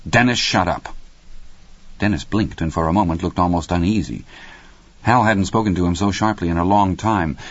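A man reads an audiobook in a measured, steady way. His voice is very deep and close to the mic, with no room sound, and the recording is slightly muffled. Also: dry recording. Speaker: audiobook narrator. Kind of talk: scripted narration.

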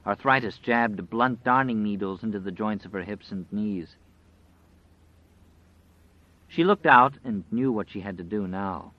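A man narrating an audiobook in a dramatic, measured storytelling style. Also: fairly low pitch, no room sound. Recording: dry, slightly dull audio.

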